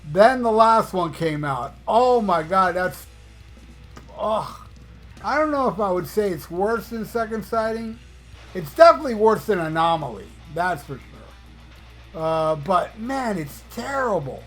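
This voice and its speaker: A man's voice: sits high, very animated, unhurried, faint music behind. A man hosting a podcast, talking in a casual monologue as a blunt, profane, ranting fan. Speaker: podcast host.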